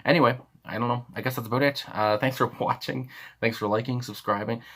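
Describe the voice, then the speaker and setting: A man's voice: mid-range voice, fairly even intonation, a little fast, a bit bright. A young man hosting a music reaction video, talking casually and rambling with lots of fillers and restarts. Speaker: music reaction channel host.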